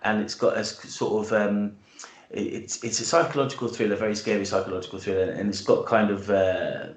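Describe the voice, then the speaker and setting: A man's voice: on the low side, fairly even intonation, brisk, echoey room. A British man, a guest author, telling his story in a hesitant, enthusiastic way with many restarts. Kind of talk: casual interview chat and storytelling.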